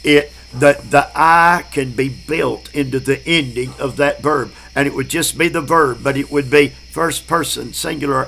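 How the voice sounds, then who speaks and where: A man, preaching a Bible study class in a slow, emphatic way, repeating key words. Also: medium pitch, steady tone, gravelly, fairly bright tone, slight background noise, rough recording. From Southern United States.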